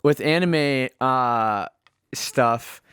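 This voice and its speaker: Young man rambling, clear voice. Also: medium pitch, extremely slow, fairly bright tone, no echo, studio quality. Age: 20s. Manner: rambling, filling with "like", correcting himself. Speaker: podcast co-host. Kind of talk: casual chat.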